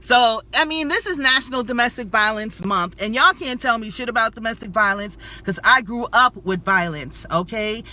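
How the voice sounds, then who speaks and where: A woman with a very bright, ringing voice gives an emotional personal testimony straight to her viewers. She is preachy and affirming, preaching self-love and calling them sweetie and y'all. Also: a little high, expressive, normal speed, hardly any pauses. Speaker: health and spirituality vlogger.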